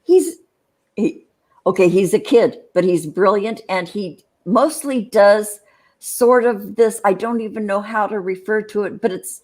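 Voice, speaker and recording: A woman co-hosting a casual livestream chat show, rambling with many restarts and quick laughs. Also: medium pitch, a little mellow.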